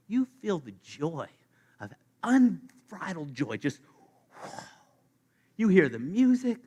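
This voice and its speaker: A man preaching a sermon to his congregation, playful and animated, speaking straight to the listeners. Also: high-pitched, slow pace, long pauses. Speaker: pastor. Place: church sanctuary.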